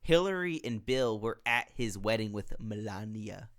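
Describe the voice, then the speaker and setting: A man's voice: lowish voice, lively intonation, normal speed, fairly bright tone. Blunt profane podcast co-host man. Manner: blunt, profane, laughing along. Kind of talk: casual chat.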